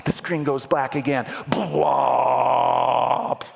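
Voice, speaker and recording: A man preaching a sermon as vivid storytelling, dramatic and playful with the congregation, building to loud peaks and dropping to a whisper. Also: medium pitch, moderate pace, breathy edge. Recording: echoey hall with long reverb.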